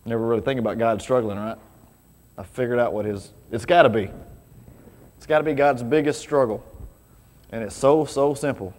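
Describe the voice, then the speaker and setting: Man, pastor, casual sermon, mid pitch, echoing hall. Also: normal speed, pauses often, darkish tone. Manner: casual, conversational preaching with rhetorical questions. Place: church sanctuary. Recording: reverberant church hall.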